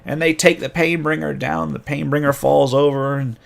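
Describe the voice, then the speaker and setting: A man's voice: medium pitch, a little fast, gravelly, few pauses. A man game master casually retelling a tabletop campaign, rambling with frequent restarts.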